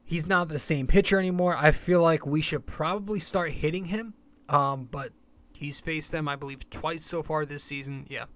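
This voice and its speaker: A man's voice: fairly high pitch, moderate pace, a bit bright. A young man hosting a sports podcast, talking casually and bluntly, rambling and swearing freely. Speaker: podcast host.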